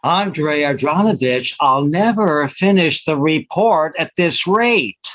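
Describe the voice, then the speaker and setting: A man's voice: a little high, animated, slow pace, a bit bright. A man voicing a grumpy, harried bookkeeper in a stage play reading, speaking curtly and irritably. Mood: irritable. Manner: irritable, curt.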